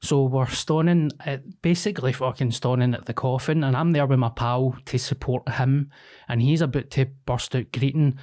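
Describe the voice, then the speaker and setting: A man's voice: medium pitch, fairly even intonation, normal speed, darkish tone. A Scottish man in his thirties, a comedian telling blunt, sweary stories in casual podcast chat. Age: 30s.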